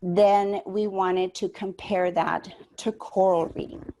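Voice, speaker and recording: A woman teaching an online training session for adult education instructors, explaining reading methods in a measured way with frequent fillers. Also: medium pitch, steady tone, mellow. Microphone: computer mic on a video call.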